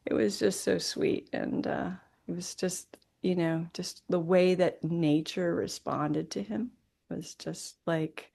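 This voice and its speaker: Gravelly woman telling fond stories. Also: fairly low pitch, fairly even intonation, warm tone. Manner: quick, laughing storytelling. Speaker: widow sharing memories. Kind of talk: memorial remembrance. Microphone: video call. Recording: video call audio.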